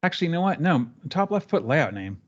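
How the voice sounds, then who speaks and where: A man guiding a trainee step by step through a software training session, relaxed and chatty with fillers. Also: fairly high pitch, quick pace, lo-fi sound. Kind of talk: live screen-share training session.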